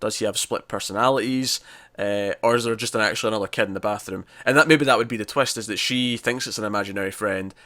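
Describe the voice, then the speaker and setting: A man's voice: fairly low pitch, pushed and bright. Rambling man recapping a TV episode. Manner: rambling, restarts, acts out scenes in quick voices. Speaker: podcast co-host reviewing a TV episode. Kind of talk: casual spoiler review chat.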